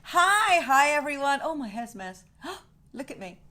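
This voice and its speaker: A woman's voice: sits high, moderate pace. A woman hosting a livestream from her home over a webcam, chatting animatedly with viewers, greeting them with whoops and swearing freely in ranting bursts. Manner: excited whoops greeting fans by name. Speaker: singer-songwriter hosting a livestream.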